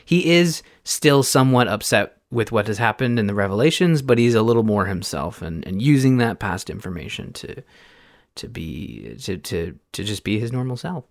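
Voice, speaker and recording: A man's voice: on the low side, animated, moderate pace, gravelly, dry recording, studio quality. A man hosting a podcast, recapping a video game in a loose, rambling way with many fillers and restarts. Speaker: podcast host.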